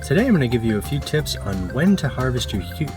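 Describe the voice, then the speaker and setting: A man's voice: mid-range voice, very animated, fast, over music. A man hosting a gardening channel, stumbling over his lines, restarting and laughing at himself. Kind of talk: blooper reel of casual garden vlogging.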